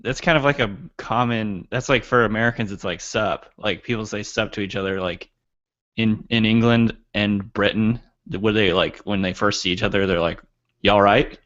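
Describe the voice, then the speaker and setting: A man's voice: on the low side, fairly even intonation, moderate pace, fairly bright tone, muffled recording. A man co-hosting a podcast, chatting casually and playfully. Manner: laughing, playful.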